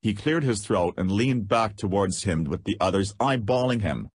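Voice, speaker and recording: A man's voice: lowish voice, lively intonation, normal speed, hardly any pauses, husky, dry recording. A man reading an audiobook aloud, narrating a gritty story. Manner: reads dialogue aloud with profanity.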